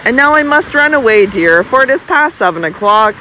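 A woman's voice: on the high side, expressive, brisk, slight background noise, poor audio. A woman doing a sweet, fragile Lady Audley. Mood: coaxing. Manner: soft, injured, coaxing pleas. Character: young wife, sweet, fragile, secretly scheming.

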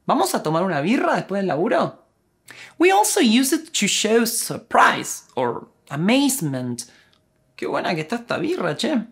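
A woman from Argentina with an Argentinian accent, teaching a language lesson and explaining clearly with Spanish examples. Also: medium pitch.

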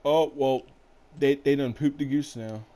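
A man's voice: mid-range voice, fairly even intonation, measured pace, dark tone. A man hosting casual gameplay chat, rambling in a laid-back way and swearing casually. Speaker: gaming channel host.

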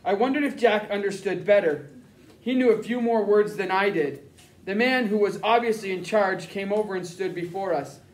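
A man reading a first-person novel aloud as an audiobook narrator, with plain, steady storytelling. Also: high-pitched, moderate pace, far from the mic, rough recording.

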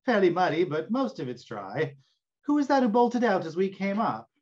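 A woman's voice: on the low side, very animated, moderate pace, darkish tone, lo-fi sound. A woman voicing a bluff, hearty man just back from shooting, in a stage reading.

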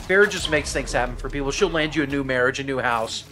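A man's voice: medium pitch, fast, noisy background. A man live-streaming a fighting game, talking to his chat in casual slang, cursing and calling people bro. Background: game music.

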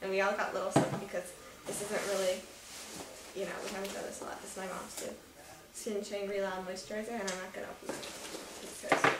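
A young woman talks casually and rambles, giggling often between thoughts. Her voice sits at a middle pitch and sounds a little distant from the mic. The room adds a noticeable echo, and steady background noise runs under her voice. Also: quick pace. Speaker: vlogger. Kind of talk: casual haul chat. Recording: echoey room from far off with noise.

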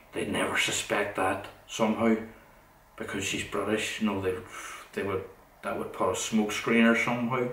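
A man's voice: lowish voice, fairly bright tone. A middle-aged man with a Derry accent, hosting a podcast and telling long rambling stories, blunt and swearing, often repeating himself. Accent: Northern Irish, Derry. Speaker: podcast host. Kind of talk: rambling storytelling monologue. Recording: roomy, distant, faint noise.

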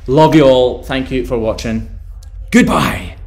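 A man's voice: medium pitch, animated, moderate pace, background noise. A Scottish man hosting a live stream, reading out viewer questions and answering them in an upbeat, chatty way. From Scotland.

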